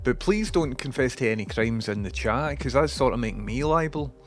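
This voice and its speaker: A man's voice: medium pitch, lively intonation, a little fast, soft background music. A man with a Scottish accent who streams, rambling casually and self-mockingly while reading out viewer messages.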